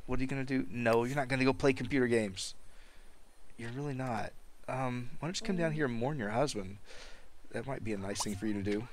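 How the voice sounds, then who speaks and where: A man's voice: mid-range voice, fairly quick, a little hiss or hum. A man giving casual gameplay commentary on a life-sim game, talking to his characters and laughing often. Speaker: let's play host. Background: game music.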